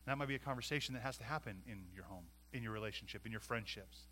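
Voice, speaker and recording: A male pastor delivers a sermon in a bright, forward voice. He preaches emphatically, swinging between loud declarations and quieter asides and throwing rhetorical questions at the congregation. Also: mid-range voice, quick pace.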